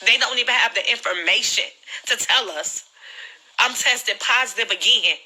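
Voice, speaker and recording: Woman, very bright and sharp voice, earnest, pleading, holding back tears, livestream to viewers. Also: fairly high pitch, moderate pace, slightly rough, rough recording. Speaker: livestreamer sharing her illness experience. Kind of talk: emotional direct-to-camera livestream.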